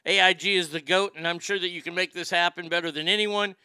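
A man's voice: high voice, steady tone, fast talker, pushed and bright, smooth, no room sound, clean studio sound. A middle-aged man hosting a show, reading listener mail in a blunt, profane, rambling way. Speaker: host.

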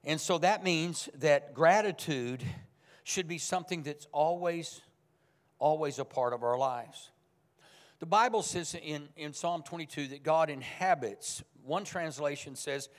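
A man's voice: on the high side, long reverb tail. A man preaching a sermon as pastor, speaking in a conversational but emphatic way. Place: church sanctuary.

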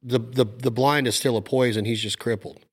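A man hosting a casual chat, asking questions and telling an animated hunting story with laughs and mimicry. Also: medium pitch, fairly quick, husky.

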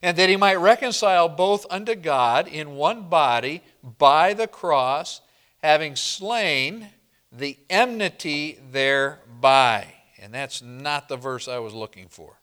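Male pastor, slow deliberate sermon delivery, higher voice, call-and-response style. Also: expressive, fairly bright tone, clean tone. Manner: slow, emphatic preaching with call-and-response questions.

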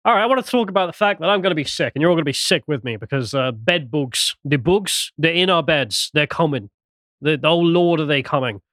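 A man's voice: on the high side, lively intonation, a little fast, fairly bright tone, no echo, clean studio sound. A man hosting a podcast in casual chat, jokey and rambling, laughing often. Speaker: podcast host.

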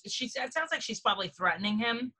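Bright animated woman guest. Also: fairly high pitch, fast talker. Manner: animated, acts out quotes. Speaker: guest comedian. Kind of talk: casual comedy podcast chat.

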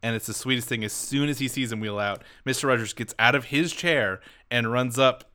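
Bright-voiced man chatting excitedly. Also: brisk. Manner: animated, laughs a lot, jumps to high squeaky voices for quoted reactions. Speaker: podcast co-host. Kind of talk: casual chat.

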